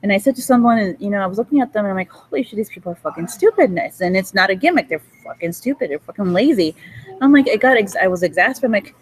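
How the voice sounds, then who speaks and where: Woman, mid-pitched voice, rambling profane monologue in a cafe, faint background murmur. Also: lively intonation, very fast, slight background noise, poor audio. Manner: profane, jumps between topics; bursts into high laughter.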